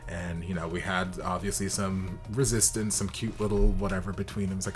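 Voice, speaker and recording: A young man hosting a reaction video, talking casually with sassy, expressive asides. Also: deep voice, a little fast, few pauses, faint music behind.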